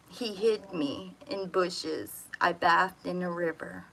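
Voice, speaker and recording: A woman with a lowish voice from Atlantic Canada tells a personal story in a casual, rambling way. She is blunt and swears freely as she talks. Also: slow pace, vocal fry, sharp tone, rough recording.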